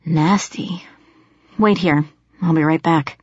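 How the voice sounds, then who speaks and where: A woman reading a calm, knowing teenage boy who mutters in a low-key way. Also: normal speed, dry recording. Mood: hushed. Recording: dull lo-fi audio.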